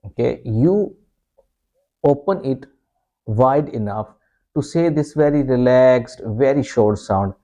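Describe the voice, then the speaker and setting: Slow, dark-voiced male pronunciation teacher. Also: mid-range voice, expressive. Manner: repeats words slowly, frequent "okay" fillers. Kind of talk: slow, patient pronunciation lesson.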